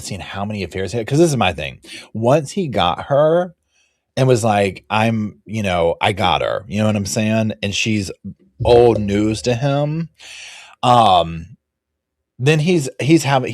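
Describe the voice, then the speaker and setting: A low-pitched man with a drawl hosts a true crime stream from his sofa. He rambles and throws in animated, acted-out quotes. His voice sits close and dry on the mic. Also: measured pace, no echo. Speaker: true crime livestream host. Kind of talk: casual live chat reacting to viewers. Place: home, dogs barking nearby.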